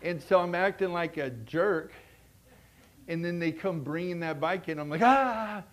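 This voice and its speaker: A man with a notably high voice preaches a sermon to his congregation. He is lively and animated, often restarting his sentences and dropping from loud bursts into quiet, hushed asides. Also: normal speed. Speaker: pastor.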